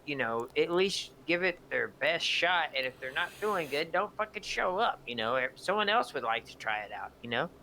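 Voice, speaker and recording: Bright-voiced blunt man on voice chat. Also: fairly high pitch, expressive, moderate pace, hardly any pauses, a little hiss or hum. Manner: blunt, swears casually, teasing. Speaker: co-host. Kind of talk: casual streamed gaming talk.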